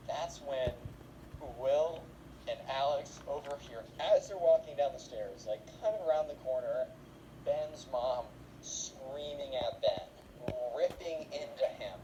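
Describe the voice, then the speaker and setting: A young man casually telling a long story, rambling with many fillers and acting out voices. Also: medium pitch. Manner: rambling, filler-heavy, animated. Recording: noisy background.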